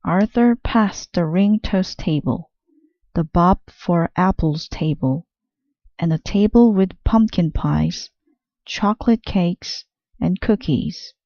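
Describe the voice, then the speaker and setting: A woman reading a children's picture book aloud with slow, careful, clear storytelling. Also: on the low side, no room sound, highs cut off.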